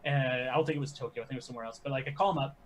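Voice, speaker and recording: A man, a podcast guest telling animated stories with quick asides. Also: mid-range voice, crowd noise. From American Midwest. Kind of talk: casual podcast chat.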